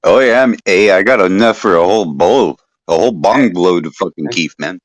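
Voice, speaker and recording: A relaxed man rambling in casual conversation and swearing freely. His voice is fairly low. The sound is dry, with no room echo. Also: brisk. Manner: laid-back, swearing, rambling. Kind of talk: casual chat.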